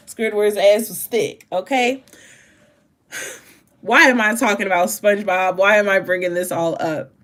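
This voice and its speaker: Speaking at a measured pace, this woman has a medium-pitched, slightly bright voice as she gives a casual tarot reading. She rambles and stresses her points emphatically, swearing freely and breaking into sudden laughs.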